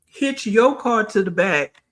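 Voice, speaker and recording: Woman doing reaction commentary, slow drawn-out delivery, blunt and mocking. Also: medium pitch, expressive. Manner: mocking, profane, pausing to rant. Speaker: reaction video host.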